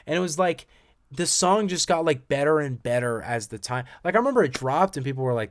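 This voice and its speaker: A young man giving casual, excitable commentary, often swearing and swinging from loud bursts to quiet mumbles. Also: a little high, brisk. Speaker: commentator reacting to music. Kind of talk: casual commentary reading lyrics aloud.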